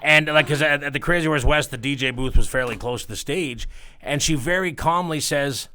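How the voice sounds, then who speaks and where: A man's voice: on the high side, brisk, bright, forceful tone, clear, resonant tone. A man working as a strip club DJ, telling rambling, profane stories in casual chat.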